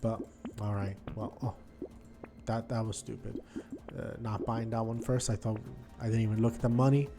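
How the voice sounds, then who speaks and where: A man giving casual gameplay commentary, thinking aloud and swinging between quiet muttering and frustrated outbursts. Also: medium pitch, little pitch movement, normal speed, creaky, pauses often, music in the background. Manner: thinks aloud, repeats words and restarts. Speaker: gaming video host.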